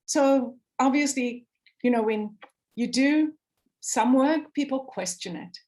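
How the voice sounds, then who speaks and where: Impassioned higher-voiced South African woman. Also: slow, a little mellow. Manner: impassioned, voice swings up and down, acts out quotes. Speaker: speaker on a video call panel. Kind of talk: emotional storytelling to a call audience. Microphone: video call.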